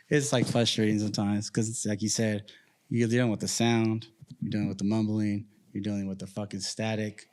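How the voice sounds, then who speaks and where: A man co-hosting a casual chat, a security guard who swears often and tells animated stories. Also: on the low side, fairly quick. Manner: profane, laughing, animated storytelling.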